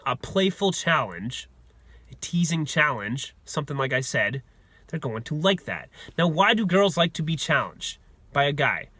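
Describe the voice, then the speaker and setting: A man's voice: mid-range voice, bright, forceful tone, dry recording. A man giving dating advice to the camera in a brash, swaggering, profane way, repeating lines for emphasis.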